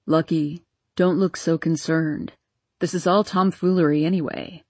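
Woman doing a gruff protective father. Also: sits low, fairly even intonation, measured pace, dry recording, voice pushed down. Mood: soothing. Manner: barking, forceful. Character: protective father, gentle then hot-tempered.

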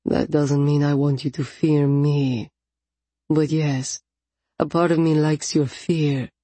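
A woman voicing a menacing male captor who speaks slowly and soothingly in a thick accent. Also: low-pitched, little pitch movement, dark tone, no echo. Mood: calm, menacing. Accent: thick foreign accent. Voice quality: slow, soothing, controlled.

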